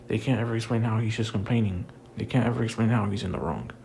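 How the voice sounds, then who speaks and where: Gravelly low-voiced man ranting. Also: fairly even intonation, fast, a little mellow, slight background noise. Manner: heated, repetitive, profane, filler-heavy. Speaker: wrestling commentator. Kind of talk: ranting commentary.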